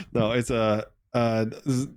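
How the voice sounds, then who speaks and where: A man's voice: mid-range voice, a little mellow, clean tone, no echo, studio quality. An Irish man chatting casually on a podcast, rambling and swearing a lot, often breaking into laughter. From Ireland. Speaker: podcast guest.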